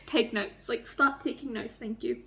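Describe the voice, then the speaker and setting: Bright, excitable young woman vlogger. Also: on the high side, moderate pace, gravelly. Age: young adult. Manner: excitable, swears a lot, gushes over characters. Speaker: book vlogger. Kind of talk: casual reading vlog chat. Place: home room by a heater.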